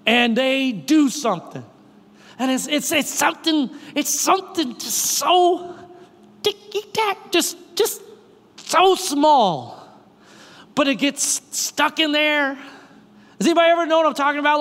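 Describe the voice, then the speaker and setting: A pastor preaching a sermon in an animated style, asking the crowd questions and repeating key lines. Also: male voice, extremely high pitch. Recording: long reverb of a hall.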